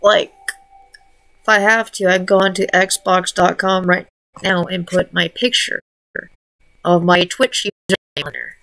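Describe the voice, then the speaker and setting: A woman's voice: lowish voice, fairly even intonation, a little slow, a bit bright. A young woman streaming a casual chat, talking baby talk to her pets and cursing offhandedly.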